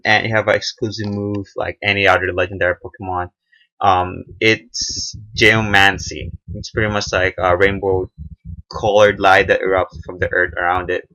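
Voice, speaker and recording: A young man giving casual, unscripted commentary on a game trailer, halting often with fillers and restarts. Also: lowish voice, sharp tone. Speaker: gaming video reviewer.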